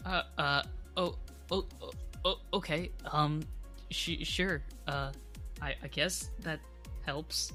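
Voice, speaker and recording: A man's voice: mid-range voice, fairly even intonation, normal speed, bright, forceful tone, soft background music, lightly acted. A man voicing a nervous young male helper who stammers and restarts constantly.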